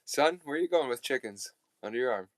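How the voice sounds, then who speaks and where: A man voicing an unflappable old country man in a rocking chair, talking in a slow, folksy drawl. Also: medium pitch, animated, no room sound, natural voice.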